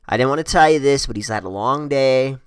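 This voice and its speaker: A man quoting his friend, who pleads with a driver in a low, coaxing, confiding tone. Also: a little fast, clear, resonant tone, no room sound, studio quality, close to an everyday voice. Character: calm young male friend pleading.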